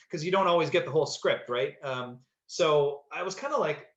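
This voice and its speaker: A man's voice: mid-range voice, brisk, hardly any pauses, a bit bright. A man, an actor, casually telling a story in a rambling way, with many fillers and restarts. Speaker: actor, podcast guest. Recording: slightly dull echoey room sound.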